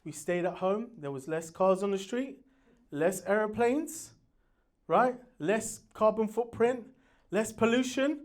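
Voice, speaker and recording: A man's voice: high-pitched, takes it slowly. A man performing a stand-up comedy set, telling stories brashly and animatedly, with his own sound effects and put-on voices. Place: comedy venue with live audience. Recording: crowd audible in the background. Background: audience laughter.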